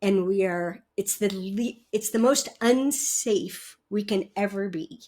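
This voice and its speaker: A woman guest in a conversational interview, telling stories in an animated way, often laughing and acting out quotes. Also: medium pitch, takes it slowly. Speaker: guest relationship educator.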